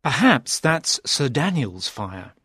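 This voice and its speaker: A man's voice: medium pitch, sing-song, slow pace, sharp tone, breathy edge, no room sound, clean studio sound, pitched above the performer's own voice, exaggerated voice. A man voicing an earnest young knight in a storybook reading, his voice slightly raised. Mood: thoughtful.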